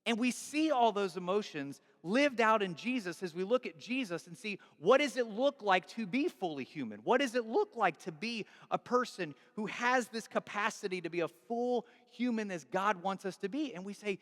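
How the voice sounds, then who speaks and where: A man's voice: high voice, animated, normal speed, few pauses, fairly bright tone, long reverb tail. A man preaching a sermon as pastor, earnest and pleading, building to fervent rhetorical questions.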